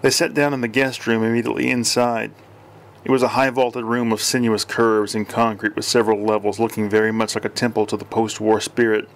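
A man reading an audiobook in dry, even scripted narration. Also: on the low side, brisk.

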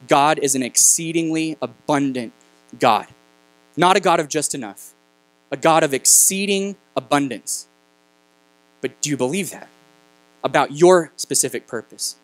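A man's voice: medium pitch, no room sound, rough recording. Storytelling male guest preacher. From New Mexico. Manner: conversational, halting, emotional at times. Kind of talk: storytelling sermon. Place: church sanctuary.

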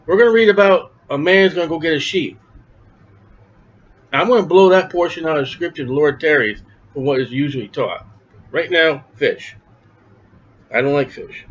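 A man's voice: animated, moderate pace, long pauses, muffled recording. A man preaching a sermon in a conversational way, asking and answering his own questions and acting out the voices in the story. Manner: acts out quoted voices with raised pitch.

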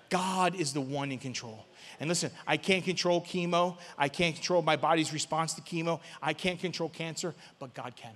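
Male preacher with a high, bright voice, call-and-response sermon, long church reverb. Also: moderate pace. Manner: call-and-response preaching, swings from loud to hushed. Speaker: guest pastor. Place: church sanctuary.

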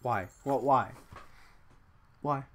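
A young man casually commentating as he opens game loot boxes at his computer, excitable, talking to himself, groaning and cheering. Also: medium pitch, very slow, a little hiss or hum. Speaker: gaming channel host. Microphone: desk USB microphone.

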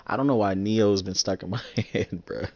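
This young streamer talks at a moderate pace in a creaky, slightly mellow voice while playing a sports game. Full of slang and bragging, he talks smack about opponents and sometimes sings in falsetto.

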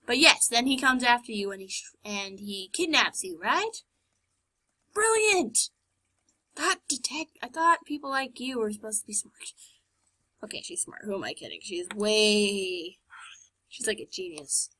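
A woman's voice: medium pitch, animated, normal speed, bright, forceful tone. A woman commenting on her own playthrough of a game, chatty and sarcastic, talking back to the characters on screen. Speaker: gamer. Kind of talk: let's play commentary.

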